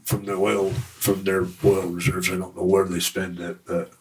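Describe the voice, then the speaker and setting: A man from Utah, a podcast guest, telling his stories in a frank, rambling, casual way with a gravelly, raspy voice. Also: deep voice, completely flat delivery, normal speed, a little hiss or hum. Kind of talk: casual storytelling.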